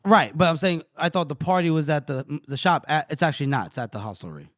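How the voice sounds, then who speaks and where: With a fairly high pitch and a quick pace, a podcast co-host casually retells book scenes in a dry, studio-quality recording. Animated, he quotes the characters and laughs often.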